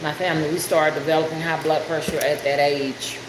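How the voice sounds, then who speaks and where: A woman's voice: low-pitched, level tone, brisk. Chatty woman greeting live viewers. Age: older. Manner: chatty, greets viewers by name while working with her hands. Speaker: rootworker hosting a livestream. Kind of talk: casual livestream chat greeting viewers. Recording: echoey room with air conditioning noise.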